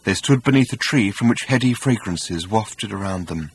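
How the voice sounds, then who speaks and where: Husky low-voiced male narrator. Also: animated, moderate pace, no room sound. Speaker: audiobook narrator. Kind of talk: scripted narration.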